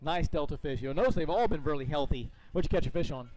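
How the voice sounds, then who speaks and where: A man's voice: a little high, animated, quick pace, darkish tone, low-quality recording. Upbeat man emceeing a live weigh-in. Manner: upbeat, promotional. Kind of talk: live event hosting. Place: outdoor weigh-in stage.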